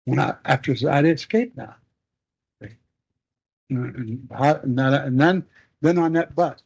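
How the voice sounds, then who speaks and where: An older man being interviewed, telling a long war memory in a halting, rambling way with many restarts. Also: medium pitch, gravelly, darkish tone, breathy edge. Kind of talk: oral history storytelling. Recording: dull lo-fi recording.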